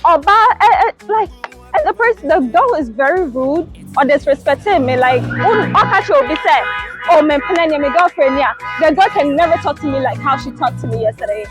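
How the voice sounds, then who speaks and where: A woman's voice: high voice, lively intonation, fairly quick, over music. A woman with a Ghanaian accent in a comic argument skit, arguing and mixing pidgin with English. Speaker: comedian in a skit.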